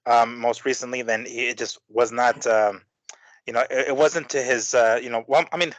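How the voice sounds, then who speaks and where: A man's voice: medium pitch, fairly even intonation, moderate pace, no room sound. A man co-hosting a boxing podcast, chatting casually and rambling with lots of fillers, restarts and the odd swear word. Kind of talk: casual chat. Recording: dry, slightly dull audio.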